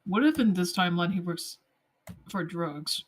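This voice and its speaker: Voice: mid-range voice, animated, normal speed, slight background noise. A player in casual tabletop play, speaking in a hesitant, rambling way.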